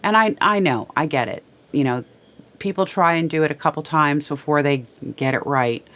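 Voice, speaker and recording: A woman host speaking to viewers from a small studio in a halting, emotional way, repeating words as she holds back tears. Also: low voice, a bit bright. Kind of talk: heartfelt personal talk to viewers.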